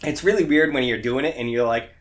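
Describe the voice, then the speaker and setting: A man co-hosts a podcast, chatting casually about a movie with plenty of fillers, tangents and laughter. His voice is medium in pitch and fairly bright, and he speaks at a quick pace.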